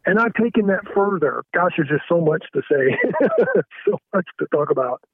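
Caller: high-pitched man, halting and frank, heard over a thin dry phone line. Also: lively intonation, slightly rough, dry recording. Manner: halting, frank, stumbling restarts. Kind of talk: candid confessional phone talk. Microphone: telephone.

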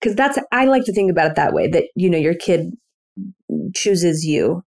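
Brief: pregnant woman in her 30s, gravelly low voice with vocal fry, relaxed and reflective. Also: normal speed. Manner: reflective, laid-back, lots of "you know". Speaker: podcast guest. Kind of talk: casual chat.

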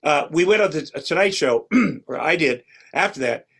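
A man's voice: a little high, animated, moderate pace, creaky, a bit bright, husky. Rambling middle-aged man telling stories. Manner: rambling, restarts often, acts out quoted lines. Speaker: podcast guest. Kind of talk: casual storytelling chat.

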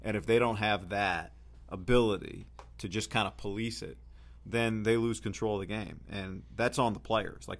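A man co-hosting a sports talk show, arguing his point in a firm, measured way. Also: on the low side. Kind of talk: casual sports debate.

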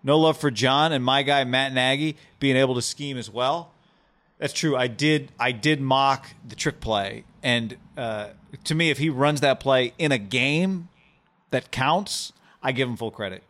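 A man co-hosting a sports podcast, reading ads and mailbag questions in a brisk, casual way. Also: medium pitch, a bit bright. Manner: brisk, upbeat ad reads and loose banter. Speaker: podcast co-host.

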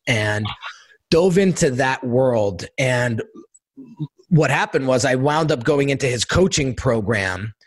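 A middle-aged man telling his life story in a casual interview, animated, acting out quotes and often repeating words. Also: medium pitch, no echo. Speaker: guest entrepreneur and designer.

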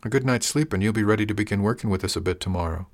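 A man's voice: lowish voice, racing, close to an everyday voice. A man voicing a kindly old herbalist woman. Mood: gentle. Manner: gentle, reassuring, homely. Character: kindly older woman herbalist, motherly and wry.

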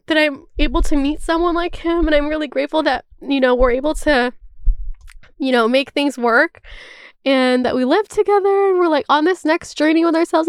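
A woman's voice: high voice, dry recording, studio quality. A woman in her twenties hosting a podcast, chatting candidly and emotionally, rambling with constant "like" fillers and casual swearing. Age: 20s. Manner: rambling, fills with "like", swears freely. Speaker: podcast host. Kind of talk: casual chat.

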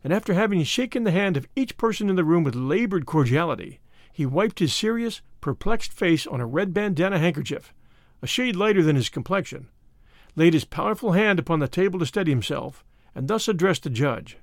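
Expressive male storyteller, lively pitch. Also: fairly quick, no echo, clean studio sound. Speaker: narrator. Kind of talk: scripted story narration.

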